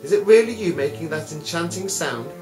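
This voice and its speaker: Eager fussy courtier, played by a man, higher and louder, echoey with music behind. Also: lively intonation, fairly quick, close to an everyday voice. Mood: earnest.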